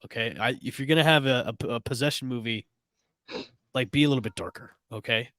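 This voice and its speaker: A man's voice: mid-range voice, fast talker, a bit bright, dry recording. A man co-hosting a podcast, chatting casually about a film and giving emphatic opinions with frequent restarts. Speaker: podcast co-host, film reviewer. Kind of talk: casual chat.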